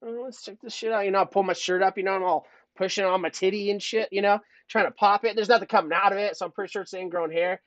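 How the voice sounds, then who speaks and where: A man's voice: high-pitched, flat delivery, fast talker, few pauses, a bit bright, no echo. Man co-host, crude and rambling, dull dry lo-fi stream sound. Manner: crude, rambling, self-mocking. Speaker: podcast co-host. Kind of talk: casual storytelling and chat.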